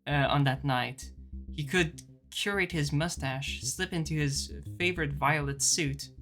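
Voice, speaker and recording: A streamer narrating a story game out loud, reading slowly and carefully with small slips. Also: medium pitch, soft background music. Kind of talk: narrating a visual novel on stream.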